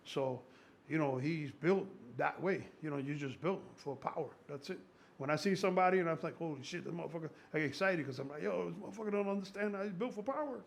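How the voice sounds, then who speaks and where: Gravelly, excitable man in his sixties. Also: fairly high pitch, slight background noise. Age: 60s. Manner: excitable, profane, rambling storyteller. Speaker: strength coach. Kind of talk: casual conversation.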